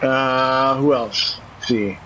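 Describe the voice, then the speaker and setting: A man's voice: medium pitch, fairly even intonation, slow pace, sharp tone, slight background noise, low-quality recording. A man co-hosting a casual gaming stream, chatty and sarcastic, laughing often. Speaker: podcast co-host.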